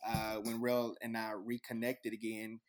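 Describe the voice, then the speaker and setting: A man's voice: fairly low pitch, completely flat delivery, unhurried. Earnest man sharing testimony. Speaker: guest, content creator. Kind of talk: interview answers.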